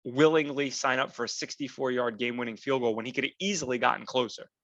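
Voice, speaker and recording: An opinionated man talks sports on his podcast in a bright, forceful voice. He argues his points with emphatic punch. The audio is dry and a little lo-fi. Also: mid-range voice, fast, no echo. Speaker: podcast host. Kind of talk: casual sports talk.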